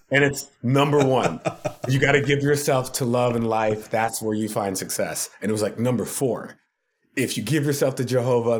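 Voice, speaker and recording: A man, a podcast guest, telling funny stories from his work in a casual, animated way, often laughing. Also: medium pitch. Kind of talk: casual storytelling.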